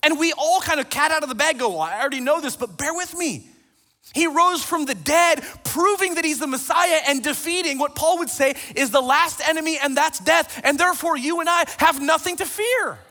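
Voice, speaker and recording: High-voiced bright pastor preaching. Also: male voice, fairly quick, hardly any pauses. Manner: animated storytelling, quoting scripture. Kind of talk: sermon. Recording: long reverb of a large hall.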